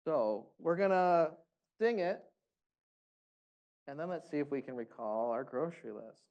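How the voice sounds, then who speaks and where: A man's voice: fairly high pitch, animated, unhurried, darkish tone, muffled recording. A man leading a group music workshop, giving encouraging, upbeat instructions.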